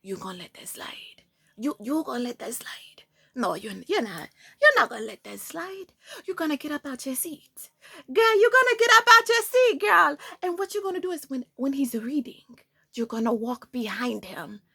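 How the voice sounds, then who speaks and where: A woman voicing her sassy female alter ego in a put-on Jamaican accent, in a hushed, conspiratorial whispered role-play that urges revenge. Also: high-pitched, very animated, moderate pace, vocal fry, full character voice. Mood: egging on.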